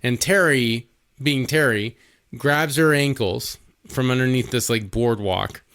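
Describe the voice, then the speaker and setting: A man co-hosting a podcast in loose, casual chat, retelling a movie scene by scene. He laughs easily, swears freely and jumps in over his partner. His voice sits at an average pitch. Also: a little slow, fairly bright tone. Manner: laughing, overlapping, jokey and profane. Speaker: podcast co-host.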